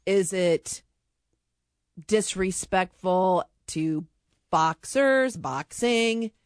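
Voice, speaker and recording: A woman's voice: medium pitch, animated, very slow, smooth, no echo. A woman co-hosting a radio show, chatting about sports in a thoughtful, explaining way in a studio. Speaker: radio co-host. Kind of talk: casual sports chat.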